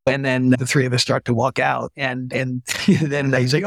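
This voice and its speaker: A middle-aged man, a retired army physician, talking as a guest in an interview and telling lively stories. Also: medium pitch, moderate pace, gravelly, dry recording, studio quality. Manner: animated storyteller, acts out quoted voices. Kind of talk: conversational storytelling interview.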